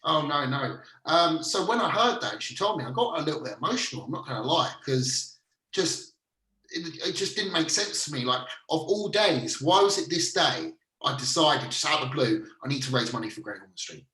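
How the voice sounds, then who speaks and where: A man's voice: fairly high pitch, expressive, normal speed, pushed and bright, recorded from a distance. A man co-hosting a casual podcast chat, laid-back and chatty, swearing now and then. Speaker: podcast co-host. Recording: roomy echo, speaking from off-mic.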